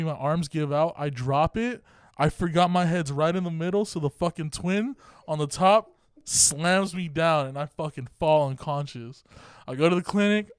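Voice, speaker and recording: A man's voice: on the high side, clean tone, dry recording. A man co-hosting a podcast, telling a profane, self-mocking story in casual chat. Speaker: podcast co-host.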